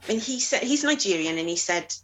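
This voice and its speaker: A woman telling a story in casual conversation, animated and emphatic. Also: mid-range voice, a little fast, rough recording.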